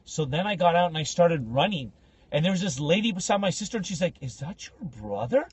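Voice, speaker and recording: A man's voice: high-pitched, quick pace, slightly rough, no room sound. A young man co-hosting a podcast, telling a story in casual chat and acting out the voices of the people in it. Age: young adult. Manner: animated, acts out voices in his stories. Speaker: podcast co-host.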